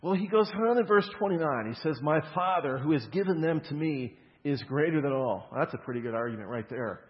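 A man's voice: fairly high pitch, expressive, brisk. A man preaching a sermon, explaining scripture with emphatic stresses on key words and casual conversational asides. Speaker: pastor. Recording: dull lo-fi sound with long hall reverb.

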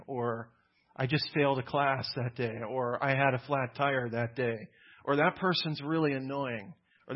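Husky-voiced man preaching a sermon. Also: on the high side, dull audio. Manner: conversational, emphatic, repeats words when building a point. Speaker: pastor.

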